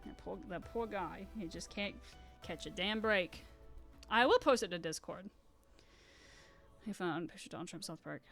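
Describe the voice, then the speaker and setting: A woman's voice: fairly low pitch, moderate pace, creaky, long pauses, soft background music. A woman in her twenties chatting casually on a live stream while she paints, rambling through stories and acting out quotes. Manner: rambling, animated storytelling with acted-out quotes and laughter.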